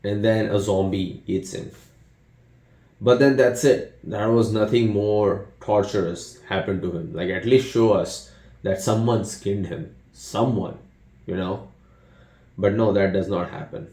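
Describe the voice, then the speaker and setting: A man's voice: lowish voice, steady tone, measured pace, dark tone, reverberant. A man giving a casual, rambling spoken movie review, retelling scenes with many fillers and restarts. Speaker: film reviewer.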